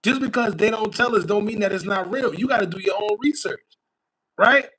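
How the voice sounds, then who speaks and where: A man's voice: sits high, fairly quick, pushed and bright, husky, rough recording. A man hosting a casual commentary show, talking in a wry, conspiratorial way and tossing out rhetorical questions. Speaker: podcast host.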